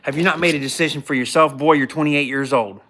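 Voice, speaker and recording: Male podcast host, blunt and mocking, animated casual storyteller. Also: a little high, quick pace. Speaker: podcast host recapping a show. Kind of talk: casual live recap.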